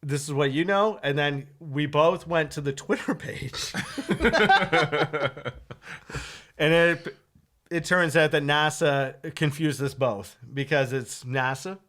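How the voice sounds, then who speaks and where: A man who hosts a radio morning show, telling a story in casual chat, animated, laughing often and acting out what people said. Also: fairly high pitch, slow pace, long pauses. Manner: animated, laughs often, acts out quoted lines.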